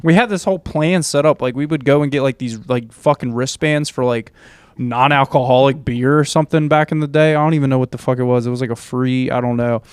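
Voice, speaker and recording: A man's voice: medium pitch, fairly quick, smooth, no echo, clean studio sound. A young man telling loose, rambling stories on a podcast, full of fillers and swearing. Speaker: podcast host. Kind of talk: casual storytelling chat.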